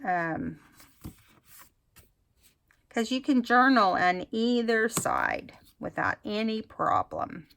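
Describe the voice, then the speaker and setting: A woman's voice: on the high side, animated, slow pace, gravelly, long pauses, fairly bright tone, slight background noise. A woman talking casually through a craft tutorial, thinking aloud as she works. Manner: chatty, thinks aloud while working. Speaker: craft vlogger.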